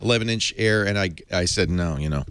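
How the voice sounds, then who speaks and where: A man hosting a casual tech panel chat, animated and laughing often. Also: low voice, a little fast. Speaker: host.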